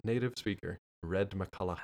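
A man's voice: deep voice, moderate pace. A man co-hosting a podcast in casual chat, making dry, wry asides. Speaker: podcast co-host.

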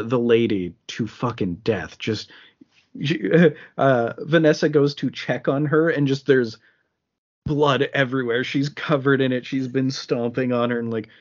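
A man co-hosting a casual film podcast, swearing freely and acting out scenes in quick voices. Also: mid-range voice, lo-fi sound. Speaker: podcast co-host.

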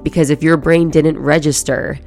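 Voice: medium pitch, steady tone, normal speed, a little mellow, faint music behind. A podcast host giving a casual, profane motivational monologue and acting out everyday inner thoughts.

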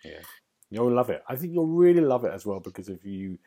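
A man's voice: medium pitch, big pitch swings, brisk, warm tone. A man hosting a casual gaming podcast chat, rambling with lots of fillers and restarts. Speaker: podcast host.

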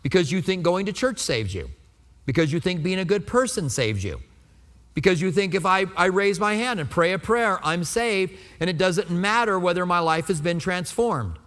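Man pastor, high voice, sermon, chatty with rhetorical questions, long hall reverb. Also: lively intonation, moderate pace, a bit bright. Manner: conversational, asks the congregation rhetorical questions.

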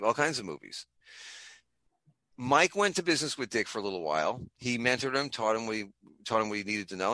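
Fast, lively man rambling through jokes. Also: medium pitch, no room sound. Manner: jokey, goes off on tangents, puts on voices in anecdotes. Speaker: podcast guest, comic creator. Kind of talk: rambling comic storytelling. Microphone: remote call, camera off.

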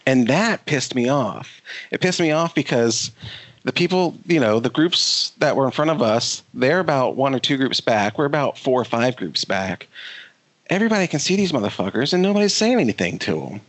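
Animated, cussing male storyteller, dry sound. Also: medium pitch, moderate pace, dry recording. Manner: animated, profane, lots of restarts. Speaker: podcast host. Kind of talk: casual storytelling.

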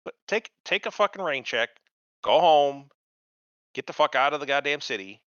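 A podcast co-host swears freely in a casual, crude recap of a TV show, ranting and mocking its characters in put-on voices. His voice is on the high side, expressive, fairly bright and smooth, at a moderate pace. There's no echo, but the recording has a dull lo-fi sound.

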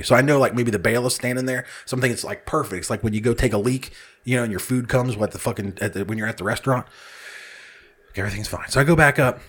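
A man's voice: mid-range voice, fast talker, a bit bright, slightly rough. A man telling a casual, comedic story, swearing freely and laughing at his own exasperation as he acts out other people's lines.

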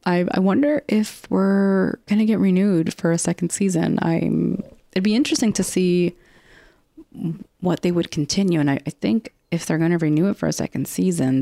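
Low-voiced and mellow with vocal fry, this woman recaps a TV episode on her casual, chatty podcast. She rambles with frequent restarts and casual swearing, in clean studio sound with no room sound.

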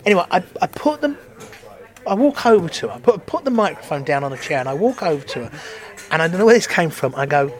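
A man's voice: a little high, fast. A man, a stand-up comedian, chatting casually and acting out stories with laughter and swearing. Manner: animated storyteller acting out crowd voices, swearing, laughing often. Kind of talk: casual chat, anecdotes.

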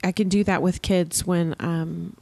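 A woman's voice: fairly low pitch, fairly even intonation, unhurried, gravelly, warm tone, no echo. A woman in her forties co-hosting a casual parenting talk, candid and self-deprecating. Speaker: podcast co-host.

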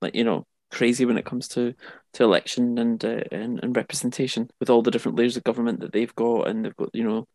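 Gravelly-voiced man talking politics. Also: medium pitch, steady tone, quick pace, darkish tone, no echo. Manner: thoughtful, many fillers and restarts. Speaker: podcast co-host. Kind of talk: casual political discussion.

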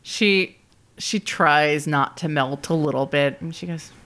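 A woman narrating as game master of a tabletop game, relaxed and laughing easily. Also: low voice, measured pace.

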